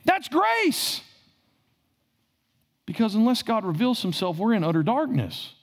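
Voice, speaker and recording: A man's voice: high-pitched, huge pitch swings, measured pace. A male pastor preaching a sermon, asking the congregation questions and repeating phrases for emphasis.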